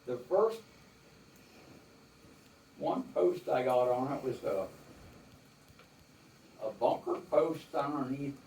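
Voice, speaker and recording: A man's voice: mid-range voice, slow pace, pauses often, a little mellow, slight background noise. An older man telling rambling, folksy war stories to a small audience, quoting others at length. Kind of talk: casual storytelling to a small audience. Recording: roomy, from far off the mic.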